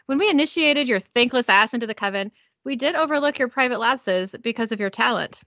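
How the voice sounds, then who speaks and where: A woman voicing a stern, haughty female high priestess who speaks in a contemptuous, lecturing way. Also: animated, a little fast, fairly bright tone, no room sound, muffled recording. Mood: scornful.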